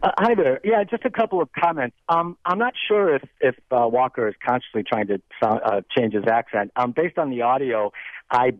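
A man's voice: mid-range voice, fairly quick, dry recording. A man calling in to a radio show to give his opinion, a bit hesitant and opinionated. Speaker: caller. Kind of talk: radio call-in comment. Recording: tinny phone line.

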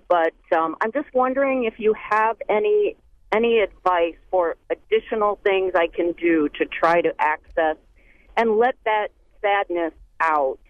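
A caller on a radio show speaking hesitantly and earnestly, with many fillers. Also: male voice, high-pitched, dry recording. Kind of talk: call-in radio question. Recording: tinny phone line.

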